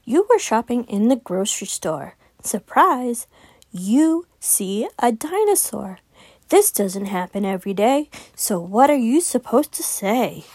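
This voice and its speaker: A woman reading a children's picture book aloud as host of her podcast, expressive and sing-song. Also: on the high side, unhurried, husky, no echo. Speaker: children's story reader.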